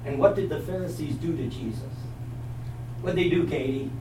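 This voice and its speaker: A man's voice: a little high, moderate pace, mellow. A man teaching a Bible class, telling a story with animation and quizzing his listeners. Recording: echoey, from a distance, faint hum.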